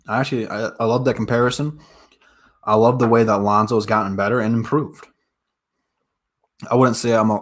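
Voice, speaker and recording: A young man from the Detroit area with a fairly low voice hosts a casual sports livestream. He talks straight to his viewers, hyped up and full of fillers.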